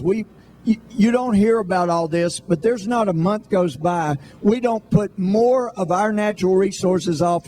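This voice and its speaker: Congressman, middle-aged, folksy storyteller, high-pitched voice. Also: dark tone. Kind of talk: live radio interview.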